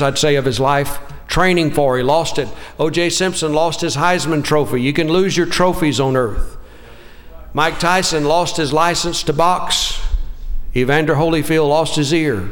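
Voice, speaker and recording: A man's voice: fairly high pitch, big-room sound. A man preaching a sermon, telling a folksy story with restarts and calls of amen.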